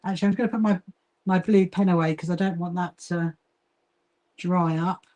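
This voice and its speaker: A woman from Brighton, England, with a southern English accent, chatting casually on a livestream while she sews and greets viewers by name. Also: lowish voice, steady tone, moderate pace. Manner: chatty, reads and greets viewer comments, frequent fillers and laughs. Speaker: livestream host, quilting association founder.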